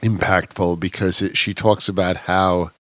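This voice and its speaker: A man with a New York accent hosting a podcast interview, chatty and animated, with dry humor. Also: sits low, a little slow, dry recording. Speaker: podcast host.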